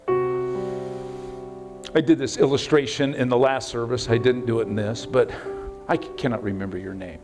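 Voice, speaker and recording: A middle-aged pastor preaches in a loose, conversational way, swinging between lively bursts and quiet, close moments. His voice sits at an ordinary pitch for a man. Guitar music plays clearly beneath him in the church sanctuary. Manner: conversational, animated, with sudden shouts and hushed moments. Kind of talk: sermon.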